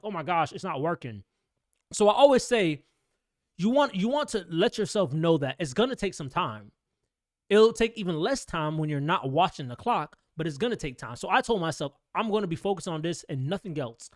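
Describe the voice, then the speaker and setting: Guy ranting to camera, talks real fast, kinda high voice, dry close sound, blunt and slangy. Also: dry recording. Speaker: notary business coach. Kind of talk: blunt motivational talk to camera.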